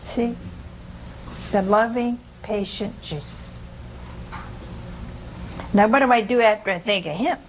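A woman giving an informal scripture teaching to a small group, conversational and humorous, often pausing to ask her listeners "See?". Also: mid-range voice, a little hiss or hum, poor audio. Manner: conversational, keeps asking "See?" and questioning listeners; homespun humor, laughs at her own jokes. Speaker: religious teacher.

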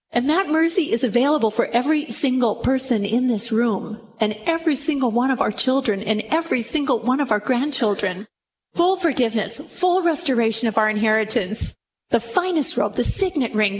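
A middle-aged woman with a high voice preaches to a room full of listeners. She tells the story with animation and acts out each person in it, in sermon style. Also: a little hiss or hum, rough recording. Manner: animated storytelling, acting out the quoted speakers. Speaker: Bible teacher. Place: room with a live audience.

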